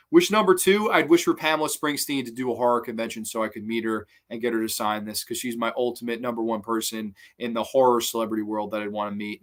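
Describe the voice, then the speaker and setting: A man hosting a live horror channel stream, answering viewer questions in a relaxed, rambling way with many ums, restarts and the odd swear word. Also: medium pitch.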